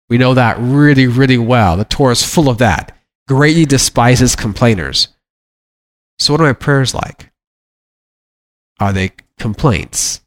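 Middle-aged man, mid-range voice, loose conversational Bible teacher who restarts sentences. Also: mid-range voice. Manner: conversational, repeats words and restarts, acts out plaintive prayers. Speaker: teacher of a congregation.

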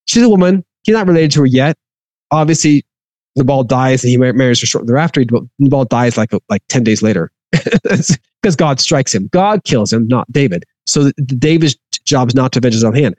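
A man's voice: mid-range voice, lively intonation, a little fast, darkish tone, no room sound. A man reading a scripture passage aloud and then explaining it in a conversational teaching manner. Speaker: Bible teacher.

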